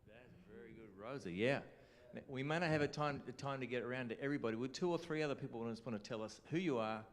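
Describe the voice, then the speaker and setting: A man's voice: medium pitch, fast talker. Australian man teaching a conference class. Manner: chatty, engages the audience with questions. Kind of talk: informal teaching talk. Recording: reverberant hall sound.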